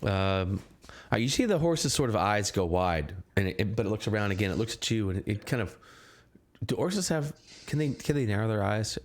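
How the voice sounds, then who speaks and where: A man narrating as game master in a tabletop game, halting and restarting often. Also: fairly low pitch, lively intonation.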